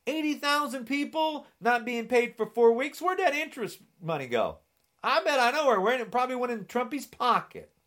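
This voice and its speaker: A man's voice: very high voice, fairly bright tone. A man delivering an angry political rant, sarcastic and indignant, often mocking.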